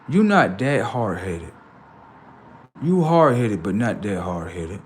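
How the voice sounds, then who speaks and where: Animated man telling stories with profanity. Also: fairly low pitch, slow, slightly rough. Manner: animated, acts out both sides of conversations, profane. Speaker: livestream host. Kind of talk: casual storytelling monologue.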